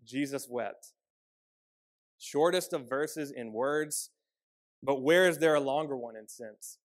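A man preaching a sermon as a pastor, earnest and measured, often dropping softer on key lines. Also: mid-range voice.

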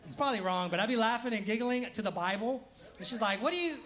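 A man's voice: sits high, brisk, fairly bright tone. A man preaching a casual, humorous sermon as pastor, laughing often and acting out quoted voices.

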